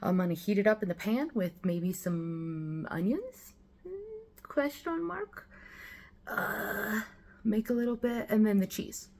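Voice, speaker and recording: A woman's voice: medium pitch, unhurried, a little mellow, rough recording. A woman chatting casually in a rambling, chatty way while cooking in her home kitchen for her vlog. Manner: rambling, chatty, fond of swearing. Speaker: vlogger host.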